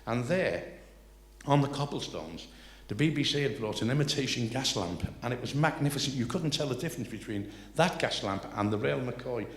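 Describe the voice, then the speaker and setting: A man's voice: mid-range voice, normal speed. Older Liverpool man telling yarns. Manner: rambling anecdotes with salty asides and rising excitement at punchlines. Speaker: comedian telling stories. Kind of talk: live stand-up storytelling. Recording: echoey live venue, faint noise.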